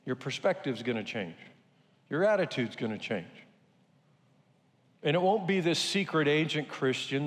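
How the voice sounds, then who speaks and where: An older man preaching a sermon to a congregation in a conversational, joking way. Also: a little high. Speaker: pastor. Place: church sanctuary. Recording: reverberant church hall.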